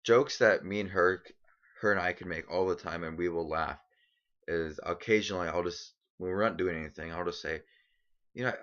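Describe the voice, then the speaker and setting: A man's voice: low voice, normal speed, fairly bright tone, muffled recording. A young man ranking his favorite films in a casual vlog, enthusiastic and rambling with lots of ums. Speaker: movie vlogger. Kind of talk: casual movie countdown vlog.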